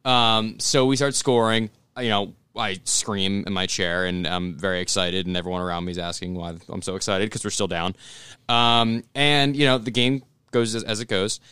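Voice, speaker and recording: A man telling a story in casual chat with friends, animated and cursing often. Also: on the low side, moderate pace, clean tone, no echo. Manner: animated, swears a lot, laughs through the story.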